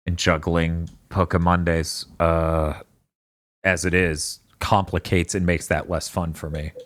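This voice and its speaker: A man's voice: deep voice, flat delivery, unhurried, a bit bright, a little hiss or hum. A man co-hosting a live game stream, chatting casually in a rambling way and swearing now and then. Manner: rambling, swearing, loose storytelling. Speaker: streamer co-host.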